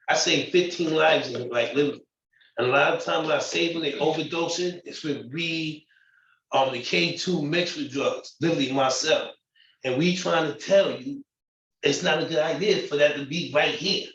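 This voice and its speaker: Brief: emotional man near tears, fairly high voice, pleading hard; muffled, roomy audio heard from across the room. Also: a bit bright, far from the mic. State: close to tears. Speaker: shelter resident speaking at public comment. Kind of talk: impassioned public comment.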